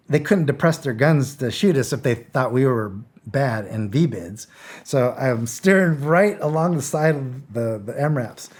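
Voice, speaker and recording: A man, a guest in an interview, telling a story in a casual, animated way, laughing as he goes and swearing freely. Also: medium pitch. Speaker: guest, former intelligence officer.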